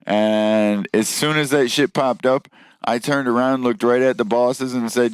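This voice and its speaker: A man's voice: mid-range voice, a little slow, clean tone. A man co-hosting a casual podcast, telling work stories with lots of swearing and laughter. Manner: animated, swearing storyteller. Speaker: podcast co-host. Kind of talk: casual chat, storytelling.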